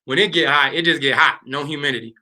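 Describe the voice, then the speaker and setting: A man's voice: on the high side, fast, pushed and bright. A man in his thirties chatting casually with viewers on a livestream, telling loose stories full of fillers and slang. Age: 30s. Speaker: livestream host.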